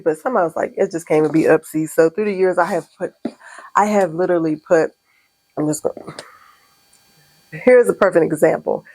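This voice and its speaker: A woman's voice: on the low side, no echo, poor audio. A middle-aged woman who owns a small business, chatting casually to camera in her studio and telling a story with lots of laughs and acted-out reactions. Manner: animated storytelling, laughs often, acts out her own reactions. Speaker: small business owner vlogging. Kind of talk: casual vlog chat. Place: home studio.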